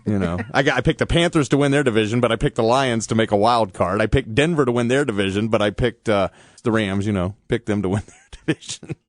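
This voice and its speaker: A man's voice: lowish voice, quick pace, no echo, clean studio sound. A man co-hosting a casual sports talk show, arguing his points emphatically. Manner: emphatic, argumentative. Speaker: co-host.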